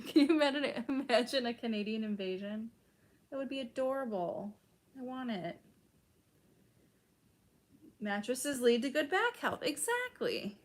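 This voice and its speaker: A young woman from Chicago chatting casually with her stream's chat, full of "like" and casual swearing. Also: on the high side. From Chicago, United States.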